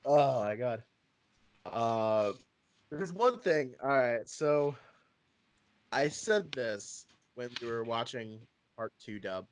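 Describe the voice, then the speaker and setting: A man co-hosting a casual fan podcast, animated and profane, often laughing and putting on voices. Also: medium pitch, slow. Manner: animated, swearing, laughing, mimicking characters. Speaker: podcast co-host.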